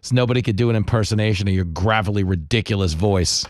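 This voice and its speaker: A man hosting a radio talk show, chatting casually and telling stories with self-mocking jokes and quick asides. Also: on the low side, no room sound, studio quality. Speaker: radio host. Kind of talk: casual chat and storytelling.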